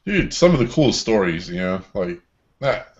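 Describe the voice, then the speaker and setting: A man's voice: on the low side, sing-song, moderate pace, dull audio. A man co-hosting a casual webcast, laid-back and joking. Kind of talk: casual chat.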